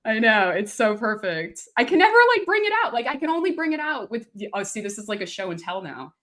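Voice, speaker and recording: Animated, laughing woman author on a call. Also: on the high side, brisk. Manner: animated storyteller, laughs often. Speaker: author guest. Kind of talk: casual video chat.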